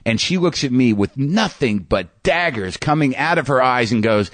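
A male comedian hosting his podcast tells a story at a reflective pace, stumbling over restarts and repeated words as he hunts for the right phrase. His voice sits at an ordinary middle pitch. The sound is dry, with no room echo. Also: lively intonation, moderate pace, a bit bright. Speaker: podcast host and stand-up comedian. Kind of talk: storytelling monologue.

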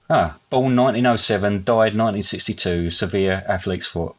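Brief: middle-aged male podcast co-host, low-set voice, dry deadpan humor. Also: moderate pace, few pauses. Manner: deadpan, dry and self-mocking. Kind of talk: casual comedy podcast chat.

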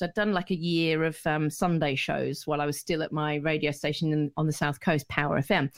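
A middle-aged woman, a radio DJ telling stories in a casual, rambling chat full of restarts and laughter. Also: low-pitched. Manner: rambling and chatty, many restarts, laughs easily. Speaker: radio DJ, guest.

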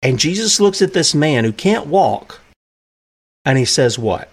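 A man's voice: fairly high pitch, big pitch swings, measured pace, slightly rough. A man preaching a sermon who asks his listeners rhetorical questions and acts out the characters in the stories he tells.

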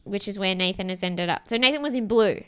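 A woman's voice: mid-range voice, fast, sharp tone, smooth. A young woman casually recapping a reality show with a co-host, chatty and laughing often, with frequent swearing. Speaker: podcast co-host.

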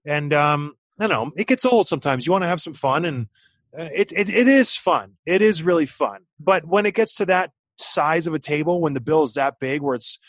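A man in his thirties telling a story in casual chat, animated and acting out what people said. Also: fairly high pitch, brisk, no echo. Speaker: podcast guest, former hockey player.

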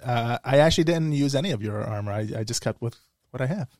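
A man's voice: medium pitch, expressive, fast talker, a little mellow, dry recording, clean studio sound. A man playing a tabletop game, joking and asking questions. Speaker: player. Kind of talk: tabletop role-play chat.

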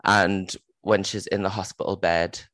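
A man in casual book chat, animated and sweary, acting out quotes. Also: deep voice, unhurried, dry recording.

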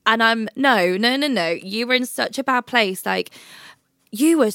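A woman's voice: a little high, measured pace, sharp tone, no room sound, clean studio sound. Tearful woman on a video call. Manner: tearful, swears freely, comforting. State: crying. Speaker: podcast co-host. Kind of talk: emotional casual chat.

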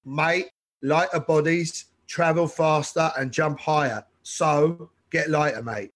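A man's voice: on the high side, steady tone, takes it slowly, fairly bright tone. A man imitating a blunt male fitness coach with a London accent, urging in a clipped, matter-of-fact way. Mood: insistent.

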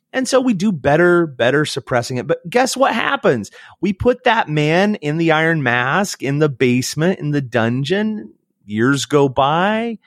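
A man from the United States speaks as a podcast guest, reflective and unhurried. His pitch swings widely as he tells stories and acts out the voices of others. The sound is dry and close. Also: no echo. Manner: animated, acts out quoted voices. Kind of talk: reflective storytelling conversation.

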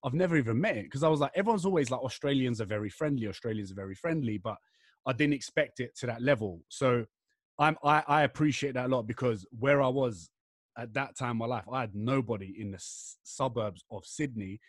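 A man's voice: mid-range voice, fairly quick, dry recording. Young english guy hosting a podcast, rambly slangy chat, dry close sound. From England. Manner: chatty, rambling, slangy banter. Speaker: podcast host. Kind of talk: casual chat.

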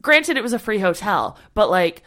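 A woman co-hosting a casual travel chat, telling a story with lively acted-out quotes. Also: medium pitch, normal speed. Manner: animated storyteller, acts out quotes. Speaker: podcast co-host.

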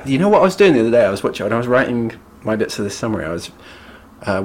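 A British man co-hosting a podcast, chatting casually about a book in a wry way and often ending remarks with tag questions. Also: fairly low pitch. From Britain. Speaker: podcast co-host.

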